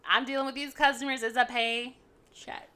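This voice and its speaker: A woman co-hosting a casual chat, frank and quick to laugh. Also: a little high, little pitch movement, sharp tone, smooth. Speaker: podcast co-host.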